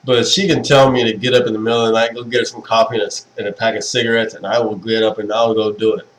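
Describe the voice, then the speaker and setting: A man's voice: fairly low pitch, flat delivery, quick pace, rough recording. Gushing young man on a livestream. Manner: gushing and sentimental, laughs often. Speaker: livestream host. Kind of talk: casual livestream chat to viewers. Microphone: webcam stream mic.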